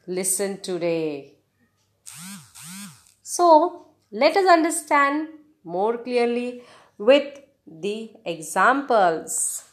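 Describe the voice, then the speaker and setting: Slow, high-voiced woman teaching spelling. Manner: spells words letter by letter, encouraging. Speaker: podcast host teaching English. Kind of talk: slow spelled-out grammar lesson.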